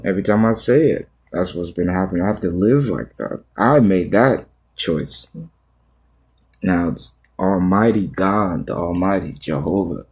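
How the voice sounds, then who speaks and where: A man who is a pastor talking on a livestream, confessing in a halting, repetitive, raw way. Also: sits low, a little mellow, breathy edge. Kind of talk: emotional confessional livestream talk.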